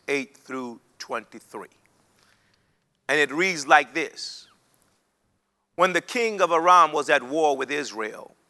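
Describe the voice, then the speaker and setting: A man with a fairly high, pushed, bright voice preaches a sermon to a broadcast audience, reading scripture. He repeats phrases for emphasis, building to a rising, chanted intensity, and leads listeners in call-and-response as they say lines back.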